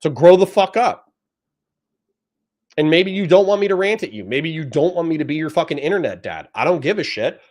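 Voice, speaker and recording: A man's voice: a little high, big pitch swings, quick pace, hardly any pauses. A man on a livestream reading chat comments aloud and answering them in a blunt, profane, lecturing rant.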